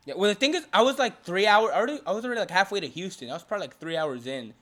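Young Texan podcast co-host with a fairly high voice, animated, profane and laughing. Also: male voice, very fast. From Texas, USA. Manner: animated storyteller, swears freely, laughs often. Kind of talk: casual chat.

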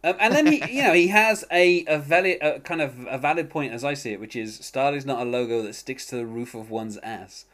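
A man's voice: mid-range voice, lively intonation, fairly quick, few pauses, a bit bright. A man hosting a casual podcast chat, talking with many fillers and restarts. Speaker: podcast host.

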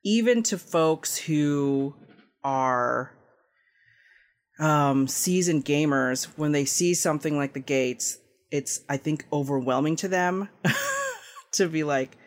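A man's voice: on the high side, very animated, slow. A man speaking as a guest game designer on a podcast, talking casually, with frequent fillers and easy laughter. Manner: rambling, peppered with "like" and "um", laughs often.

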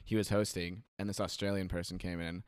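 A man hosting a casual podcast with a deep voice. He rambles through loose, joking stories full of fillers. The sound is close and dry. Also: flat delivery, a little fast, clear, resonant tone, no room sound. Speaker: podcast host. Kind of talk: casual chat.

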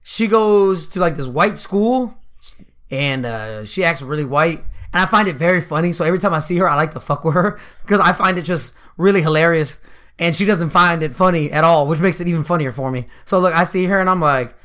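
A young man co-hosting a casual podcast, telling profane stories with plenty of laughs and animated impressions. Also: a little high, brisk. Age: young adult. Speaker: podcast co-host.

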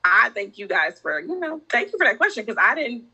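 A woman speaking as a podcast guest, telling a personal story in a candid, heartfelt, animated casual conversation. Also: fairly high pitch, fairly quick, breathy edge, highs cut off.

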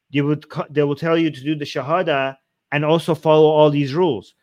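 A man's voice: a little high, no room sound. A man co-hosting a casual discussion, thinking aloud and arguing the other side of the point. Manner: thoughtful, argues the other side.

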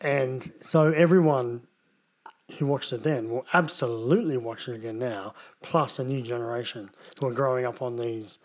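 A man co-hosting a podcast, talking films in a relaxed, rambling way with lots of fillers. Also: mid-range voice, normal speed. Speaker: podcast co-host. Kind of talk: casual film chat.

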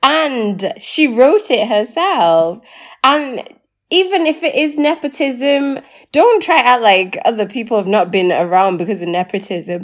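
A woman, co-hosting a casual chat, chatty and quick to laugh. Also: mid-range voice. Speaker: podcast co-host.

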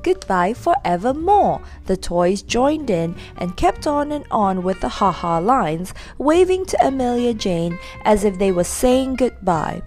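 Lively woman reading a children's story. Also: mid-range voice, measured pace, few pauses, soft background music. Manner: lively, expressive.

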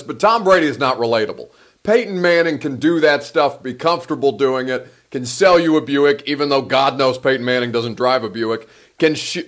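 A man hosting a casual sports talk show, chatty, laughing at his own jokes and reading sponsor plugs. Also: on the high side.

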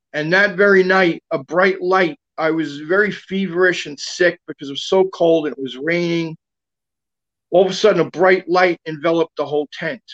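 A man's voice: on the high side, a bit bright, dull audio. A man guest telling a long personal story in casual talk, rambling with lots of fillers and restarts.

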